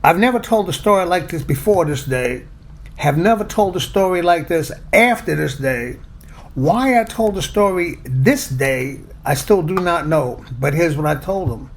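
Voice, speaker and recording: A man's voice: on the high side, lively intonation, moderate pace, gravelly. A man casually telling a personal story, chatty and plainspoken, poking fun at himself. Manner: chatty, plainspoken, self-deprecating.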